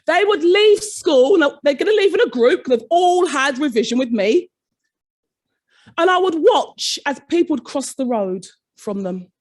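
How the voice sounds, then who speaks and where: A woman's voice: high voice, a little mellow. A middle-aged woman, a former head teacher giving a conference keynote, telling a story and acting out the voices of her staff. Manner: dramatic, acts out quoted staff in shifting voices. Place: conference hall.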